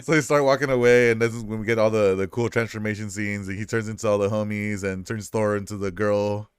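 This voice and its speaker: A man's voice: lowish voice, a little fast, smooth, no room sound, clean studio sound. A man co-hosting a casual chat, recapping a movie with frequent laughs and acted-out quotes. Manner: animated, laughs often, acts out quotes. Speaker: podcast co-host.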